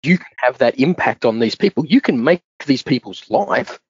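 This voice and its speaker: Male host, earnest and encouraging, husky voice, muffled dry recording. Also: mid-range voice, expressive, normal speed, no room sound. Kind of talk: casual chat. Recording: dull lo-fi, dry.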